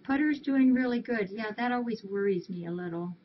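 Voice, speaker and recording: A woman's voice: fairly high pitch, brisk. A woman volunteering at a cat rescue, chatting casually on a live stream and cooing affectionately at the cats. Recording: dull lo-fi stream audio, faint hiss.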